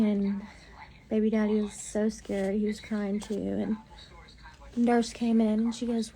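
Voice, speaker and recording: A woman's voice: medium pitch, flat delivery, moderate pace, creaky, long pauses, mellow, a little hiss or hum. A young woman, talking casually and candidly to her stream viewers, full of fillers and restarts, sounding tired while pregnant and in hospital.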